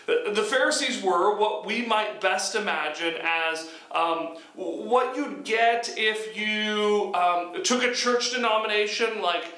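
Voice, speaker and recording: A man's voice: high-pitched, slow pace, hardly any pauses, bright, forceful tone. A man from the United States teaching a sermon in a conversational way, with frequent restarts. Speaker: preacher. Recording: echoey room.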